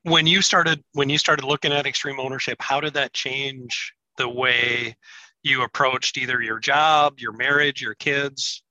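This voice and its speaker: A middle-aged man hosting a podcast interview, chatty and affirming, quick to chime in with his own experiences. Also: mid-range voice, fairly even intonation, pushed and bright, no echo, low-quality recording. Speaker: podcast host. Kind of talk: casual interview chat.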